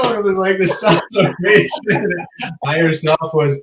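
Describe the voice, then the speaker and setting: A man co-hosting a live spiritual Q&A, telling stories with enthusiasm and sometimes dropping to a soft voice. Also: sits high, unhurried, echoey room, background noise. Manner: enthusiastic storyteller, soft-spoken at times. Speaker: co-host. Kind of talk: live Q&A chat.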